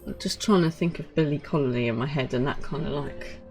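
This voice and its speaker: A woman's voice: sits low, fast, a little mellow, faint music behind. A woman from Britain chatting casually as a game streamer, self-mocking and chatty. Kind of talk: casual live-stream chat.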